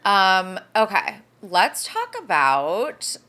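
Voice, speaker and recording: A woman co-hosting a casual pop-culture gossip podcast, animated and blunt, peppering her talk with "like" and the odd swear word. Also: medium pitch, extremely slow, soft background music. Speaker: podcast co-host.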